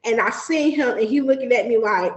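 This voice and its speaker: A woman tells a personal story in easy chat, her voice a little high. She is animated and profane and acts out the people she quotes. The room around her has a noticeable echo. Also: brisk. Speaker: podcast guest.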